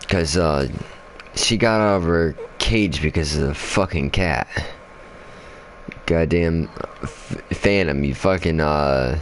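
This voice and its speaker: A man's voice: extremely low pitch, slow, long pauses, slight background noise. A man telling a story in casual chat while playing a game, swearing constantly and rambling with fillers. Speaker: gaming channel host.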